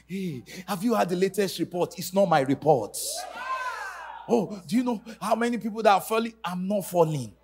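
A man's voice: high voice, lively intonation, normal speed, a little mellow, husky, a faint crowd. A man preaching a sermon to a church congregation, emphatic and sing-song, leading call-and-response. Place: church service.

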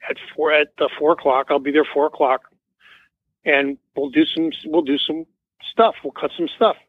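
A man's voice: on the high side, steady tone, normal speed, dry recording. A man, a musician guest, telling a rambling story in an interview and acting out the quoted dialogue. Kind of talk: casual anecdote in an interview. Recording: tinny dry phone line.

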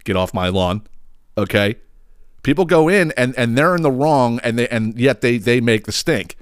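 A man's voice: medium pitch, animated, normal speed, clear, resonant tone, no echo, studio quality. A man ranting casually about a customer who caused a scene, swearing freely and acting out the people in the story. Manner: profane, exasperated, acts out others in raised voices. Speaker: podcast host.

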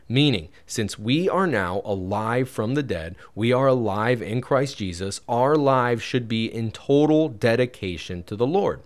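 A man teaching through a Bible chapter in a casual podcast, chatty and prone to digressions, laughing at his own wordplay. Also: medium pitch. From United States. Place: home room, creaky computer chair.

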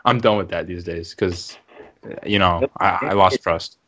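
A young man co-hosting a casual sports podcast, talking fast and excitably and exaggerating for effect. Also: low voice. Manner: excitable, quick, exaggerating fan talk. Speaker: podcast co-host. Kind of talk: casual chat.

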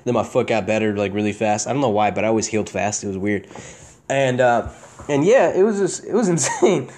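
A man's voice: on the low side, animated, fairly quick, a little mellow. A young man hosting a podcast, telling childhood stories in casual chat, swearing freely and laughing often. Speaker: podcast host.

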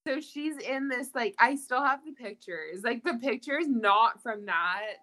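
A young woman in casual chat, telling an animated story, swearing freely and acting out the voices of people in it. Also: on the high side, unhurried.

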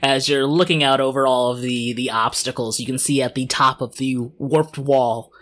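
Unhurried game master narrating a scene. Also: mid-range voice, steady tone, a bit bright. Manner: descriptive, unhurried, with filler pauses.

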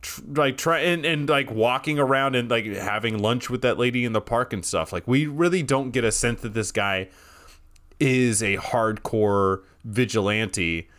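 A man's voice: mid-range voice, unhurried, fairly bright tone. A man co-hosting a podcast, talking through a film in long run-on sentences that he strings together with "like.". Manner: talks in long runs strung together with "like". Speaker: podcast co-host. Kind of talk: casual film discussion.

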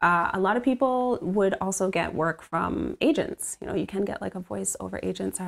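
A woman's voice: medium pitch, fairly quick, creaky. A woman voice-over artist, recording from home, chatting animatedly about her work with frequent laughs and fillers. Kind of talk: casual interview chat.

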